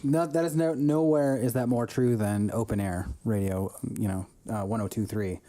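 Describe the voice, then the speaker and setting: A man hosting a casual podcast in a low, mellow voice. His talk is chatty and full of jokes. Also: fairly even intonation, normal speed. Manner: joking, chatty.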